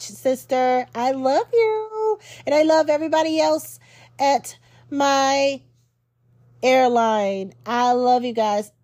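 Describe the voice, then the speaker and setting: A woman's voice: mid-range voice, gravelly, warm tone, no room sound. A young woman hosting a podcast, giving a casual devotional talk in an affectionate, preacherly way with frequent fillers. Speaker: podcast host.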